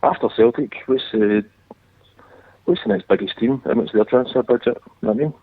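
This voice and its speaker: A man's voice: mid-range voice, fairly quick. A man calling a football phone-in, answering in short, offhand bits. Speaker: caller. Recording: tinny phone line from a distance.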